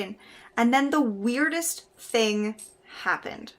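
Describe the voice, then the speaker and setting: A woman's voice: fairly high pitch, lively intonation, takes it slowly. A young woman from Canada telling a funny personal story to camera in a casual, chatty way, laughing now and then. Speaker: vlogger.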